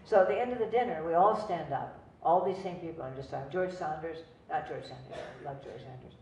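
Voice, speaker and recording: An older actress, her voice sitting low and a little mellow, talks a little fast as she tells wandering, chatty stories in front of a cinema audience, laughing at her own jokes. The distant, roomy lo-fi recording picks up slight background noise.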